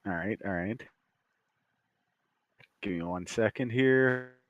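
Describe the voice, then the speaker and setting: A man with a fairly low voice narrates a tabletop adventure as game master. His delivery is easygoing and conversational, swearing now and then. The sound is close and dry, with no room around it. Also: slow, no echo, lo-fi sound. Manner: casual, loose, with mild swearing.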